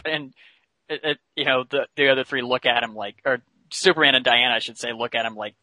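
A man's voice: medium pitch, steady tone, a little fast, bright, forceful tone, dry recording. A man casually retelling a cartoon episode as podcast host, chatty with many fillers. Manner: chatty, many fillers, laughs while telling.

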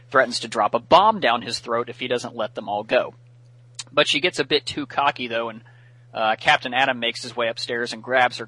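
A man's voice: mid-range voice, sharp tone, poor audio. A man hosting a podcast and recapping a cartoon episode in casual chat. He talks chattily, laughs often and uses many fillers.

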